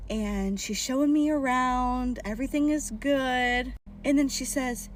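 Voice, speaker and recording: Excited higher-voiced woman telling a story. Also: unhurried, slight background noise. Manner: excited, acts out the child's voice. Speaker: party performer and psychic medium. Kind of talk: casual storytelling to camera.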